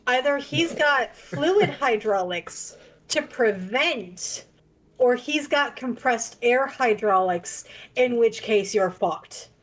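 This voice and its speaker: Woman, fairly high voice, casual tabletop player, chatty, laughs a lot. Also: expressive, slow, low-quality recording. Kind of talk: casual tabletop game chat.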